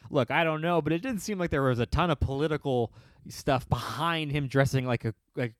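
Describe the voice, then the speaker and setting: A man's voice: fairly high pitch, brisk, dry recording. A man telling a rambling, profane comedic story on a podcast and laughing often. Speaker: podcast host.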